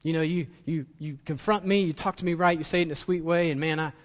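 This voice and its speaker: Male pastor, fairly high voice, passionate sermon delivery, long hall reverb. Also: fairly even intonation, fast talker. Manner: impassioned preaching, rising to emphatic peaks.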